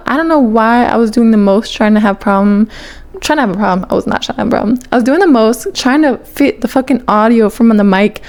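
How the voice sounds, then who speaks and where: A young woman with a somewhat high voice chats casually to her vlog camera. She rambles along, peppering her talk with "like" and the odd swear word. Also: a little mellow. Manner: chatty, rambling, fills with 'like', casual swearing. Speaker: vlogger.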